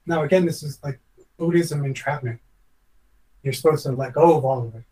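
A man's voice: fairly high pitch, fairly quick, mellow, distant mic, rough recording. Reflective man telling a personal story. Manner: rambling, reflective, earnest, restarts often. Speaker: podcast guest, former chef.

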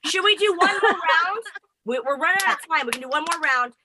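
A woman's voice: extremely high pitch, expressive, fast, a loud crowd. A woman hosting a casual party game, bubbly and cheering. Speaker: host.

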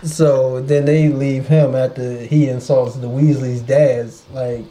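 A man co-hosting a podcast, casually and profanely recapping a movie and putting on quick voices for the characters. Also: medium pitch, fairly even intonation, warm tone. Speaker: podcast co-host. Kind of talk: casual chat.

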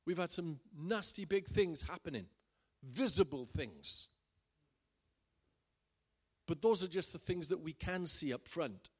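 A man, a pastor, telling a personal story in a sermon in a chatty way that builds to loud, emphatic bursts. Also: on the high side, expressive, unhurried, long pauses, breathy edge. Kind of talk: sermon testimony.

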